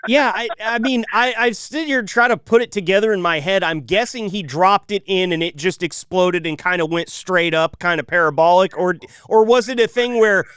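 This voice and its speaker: A man's voice: high voice, normal speed, hardly any pauses, a bit bright, clear, resonant tone, no room sound, clean studio sound. Jokey chatty man hosting a podcast. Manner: chatty, jokey, thinks aloud with restarts. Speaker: podcast host. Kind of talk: casual chat.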